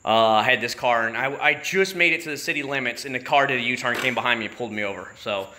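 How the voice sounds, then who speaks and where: Bright-voiced Florida man ranting casually. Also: medium pitch, fast, slight background noise. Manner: chatty, profane storytelling with exasperated asides. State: married. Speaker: YouTube channel host. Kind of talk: casual livestream chat.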